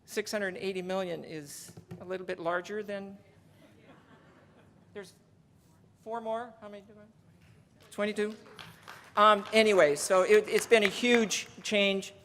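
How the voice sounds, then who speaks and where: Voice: mid-range voice, steady tone, a little slow, pauses often, a bit bright, a little hiss or hum. A union legislative presenter giving a chatty conference speech, reading out donor names and counting down. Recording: long reverb of a large hall.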